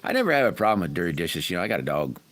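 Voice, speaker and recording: Rapid-fire and very animated, this middle-aged livestream host has a low, fairly bright voice. He reads out viewer comments and replies to people by name, rambling folksily, chatting away, and chuckling often.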